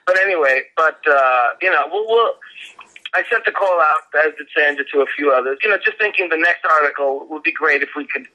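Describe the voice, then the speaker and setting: A man co-hosting a casual podcast chat, talking haltingly with many fillers and restarts. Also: fairly high pitch, pushed and bright, poor audio. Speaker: podcast co-host.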